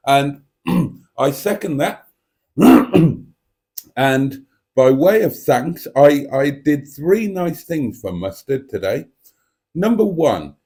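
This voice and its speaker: Cheeky man, lively live-stream host. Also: medium pitch. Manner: playful, cheeky and theatrical, reading out viewer comments. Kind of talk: casual live-stream chat.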